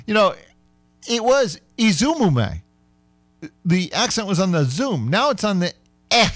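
A man hosting a sports radio show, chatting casually and playfully, sometimes slowing right down to sound out words. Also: high voice, lively intonation, a bit bright, dry recording.

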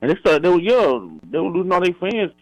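A man's voice: high-pitched, lively intonation, fast talker, no echo, highs cut off. A man co-hosting sports talk radio, rambling casually in colloquial speech.

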